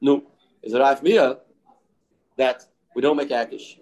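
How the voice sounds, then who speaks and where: A man's voice: medium pitch, darkish tone, low-quality recording. Man arguing through a Talmud lesson. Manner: quick back-and-forth argument mixing English with Aramaic and Yiddish terms. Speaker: Talmud teacher. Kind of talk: daf yomi Talmud lesson.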